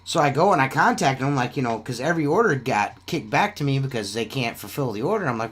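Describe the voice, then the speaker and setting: A man's voice: mid-range voice, lively intonation, fast talker, few pauses, husky. A man hosting a casual podcast, rambling and swearing often, with "you know what I mean" in nearly every sentence. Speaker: podcast host selling shirts.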